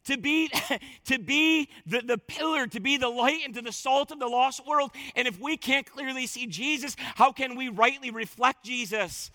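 A male pastor preaching a sermon, repeating words for stress and moving from loud bursts to hushed asides. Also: extremely high pitch, a little slow, dry recording, studio quality.

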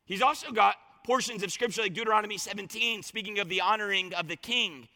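A man's voice: high-pitched, quick pace, bright, forceful tone, big-room sound. A man preaching a sermon as a pastor, fervent and colloquial, repeating lines for emphasis.

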